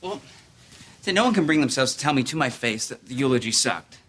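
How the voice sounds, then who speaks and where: A man's voice: mid-range voice, lively intonation, brisk, a bit bright, husky. An actor playing an earnest young man who sounds dry and mopey. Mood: dejected. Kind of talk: sitcom acting. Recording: noisy sitcom track with audience laughter.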